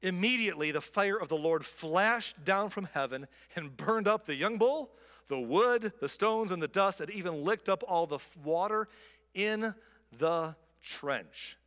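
Male pastor, high-pitched and lively, retelling scripture in a reverberant church hall. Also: measured pace. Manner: animated storytelling, voices quoted figures with rising pitch. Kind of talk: sermon.

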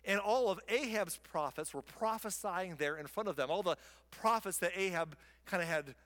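Male pastor, relaxed storyteller, somewhat high voice, echoing hall. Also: moderate pace. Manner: casual, conversational storytelling. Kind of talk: sermon. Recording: long hall reverb.

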